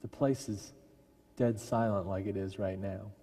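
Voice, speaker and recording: A man preaching a sermon as a minister, telling a story with lively delivery and briefly acting out the people in it. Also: on the low side, unhurried. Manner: animated storyteller who acts out quoted voices. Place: large church sanctuary. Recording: long church reverb. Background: congregation laughing.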